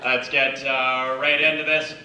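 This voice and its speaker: A man from the Yukon doing a conversational, self-deprecating stand-up set on a theatre stage, slipping into quick acted quotes. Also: medium pitch, little pitch movement, background noise. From Yukon, Canada. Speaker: stand-up comedian. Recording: echoey theatre, mic at a distance.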